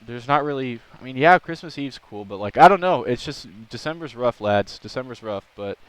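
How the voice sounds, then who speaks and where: A young man chatting on a live stream, telling an animated, rambling story. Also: medium pitch, fairly quick, no echo, poor audio. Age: young adult. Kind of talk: casual live-stream chat.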